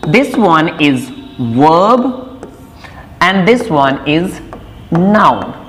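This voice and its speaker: A woman with an Indian accent teaching English vocabulary, explaining patiently and repeating words slowly for emphasis. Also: fairly low pitch, very animated. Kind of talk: classroom lesson mixing English and Hindi. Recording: reverberant room sound.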